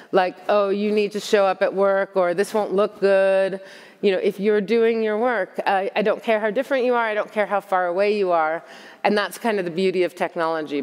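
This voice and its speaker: A middle-aged woman from the United States giving a candid, self-mocking conference talk and answering audience questions. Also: medium pitch. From United States (Long Island). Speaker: conference speaker. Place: conference hall. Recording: long hall reverb.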